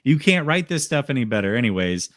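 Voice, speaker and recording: A man's voice: mid-range voice, very animated, fast, fairly bright tone, no room sound. A man with a mid-range voice hosts a sports call-in show. He sounds chatty and easygoing and tosses in "man" and "dude" as he talks. His voice is recorded close and dry, with no room sound. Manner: laid-back, chatty, uses fillers like "man" and "dude". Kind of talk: casual sports talk with callers.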